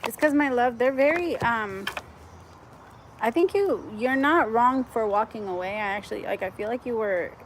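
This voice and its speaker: A woman's voice: a little high, moderate pace, slight background noise. Chatty woman giving a live tarot reading. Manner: chatty and effusive, heavy use of "like", frequent laughs; gets excited and loud at good news. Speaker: tarot reader.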